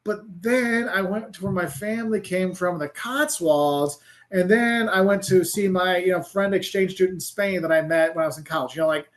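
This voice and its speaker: Chatting casually as an interview guest, a middle-aged travel creator and professor speaks at a moderate pace in a voice that sits high. He's rambling and animated, with plenty of "like" and restarts.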